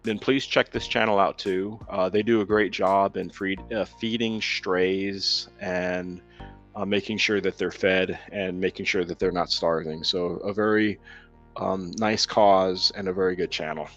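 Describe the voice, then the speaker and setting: A man's voice: deep voice, fairly even intonation, measured pace, a bit bright. A man hosting a casual live stream, rambling with lots of ums while reading viewers' comments aloud. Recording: dull lo-fi sound with faint music.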